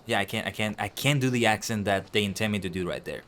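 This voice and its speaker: A man's voice: fairly low pitch, quick pace, hardly any pauses, fairly bright tone. A man streaming himself playing a game, chatting casually and rambling in a self-deprecating way. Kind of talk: casual gameplay commentary.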